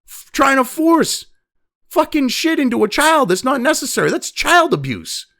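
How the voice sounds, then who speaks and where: A man's voice: very high voice, big pitch swings, normal speed, vocal fry, bright, forceful tone. A man hosting a commentary show, ranting angrily with constant swearing and mocking asides. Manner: angry, heavy swearing, mocking quoted voices. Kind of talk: profane opinion rant.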